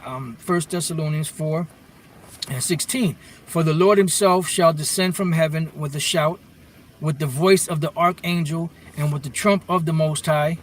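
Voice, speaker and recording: A man giving an informal scripture lesson, reading verses aloud and then explaining what the words mean, often restarting his sentences. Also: a little high. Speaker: bible teacher. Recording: distant mic with faint vehicle noise.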